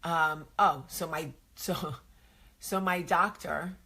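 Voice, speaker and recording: A woman's voice: sits low, fairly even intonation, slow, sharp tone, slightly rough. A woman with a New York area accent hosting a casual vlog, chatting to camera in a rambling, confiding way. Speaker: vlog host.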